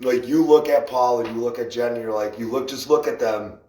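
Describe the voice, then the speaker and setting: Male livestream host, mid-pitched, chatty and rambling, laughs a lot, greets commenters; roomy, slightly distant sound. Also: fairly even intonation, fairly quick, a little mellow. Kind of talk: casual livestream chat. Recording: echoey room, voice a bit off-mic.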